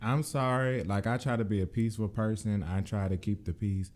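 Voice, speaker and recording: A man's voice: on the low side, steady tone, fairly quick, darkish tone. A man co-hosting a podcast, swearing emphatically in a heated casual rant. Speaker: podcast co-host.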